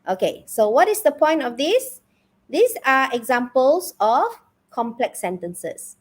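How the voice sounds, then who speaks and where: A woman teaching English in a live webinar, with a Malaysian English accent and a lively manner, often checking in with "okay?" and "yeah?". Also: sits high, measured pace.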